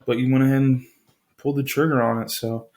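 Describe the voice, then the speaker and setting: A man's voice: mid-range voice, little pitch movement, quick pace, darkish tone. A man hosting a casual tabletop game draft, thinking aloud and hesitating over his picks. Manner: thinks aloud, hesitant, counts under breath. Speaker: tabletop game channel host. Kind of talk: casual chat.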